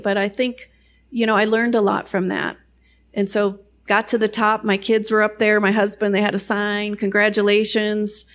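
A middle-aged woman sharing a personal faith testimony in a chatty, self-deprecating way, full of "you know" asides. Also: mid-range voice.

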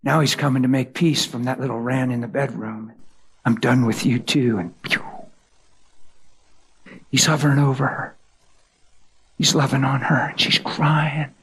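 A man preaching a sermon, telling a story dramatically and swinging from hushed whispers to loud, high cries. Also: creaky, slight background noise.

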